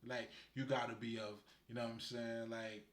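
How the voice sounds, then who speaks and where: A man from Haiti gives relaxed spiritual guidance in a medium-pitched, flat delivery at a moderate pace. He rambles and laughs frequently. There is slight background noise and a roomy echo.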